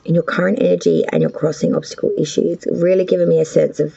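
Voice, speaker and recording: Australian woman tarot host, rambling and foul-mouthed; low, gravelly delivery, dull lo-fi recording. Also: steady tone, quick pace, warm tone. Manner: chatty, rambling, swears freely. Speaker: tarot reader and channel host. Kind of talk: casual tarot reading vlog. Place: cold house with power out.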